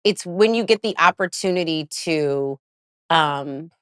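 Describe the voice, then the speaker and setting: A woman co-hosting a casual chat podcast. She is excitable, laughs often and gets shrieky when she retells stories. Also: sits low, measured pace, smooth, dry recording, studio quality. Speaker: podcast co-host.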